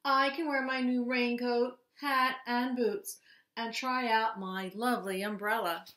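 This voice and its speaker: A woman voicing an eager young male hedgehog in a storybook, talking in a bright, bouncy way. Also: a little high, fairly even intonation, measured pace, roomy sound. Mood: happy.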